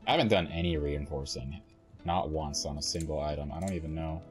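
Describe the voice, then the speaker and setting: A man's voice: extremely low pitch, a little fast, soft background music. A man streaming a game, thinking aloud in a mumbling, swearing way. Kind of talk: casual gameplay commentary.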